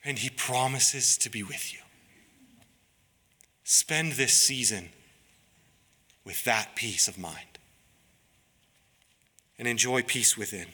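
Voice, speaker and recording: A man preaching a sermon as pastor, in an earnest, pleading, deliberate way. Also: medium pitch, sharp tone, breathy edge. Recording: long reverb of a large hall.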